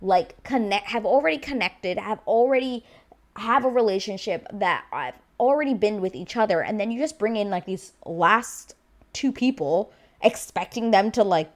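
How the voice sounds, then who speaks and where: A woman giving a chatty, unscripted review of a reality show, full of fillers and restarts. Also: mid-range voice. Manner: animated, chatty, lots of fillers. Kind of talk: casual vlog review.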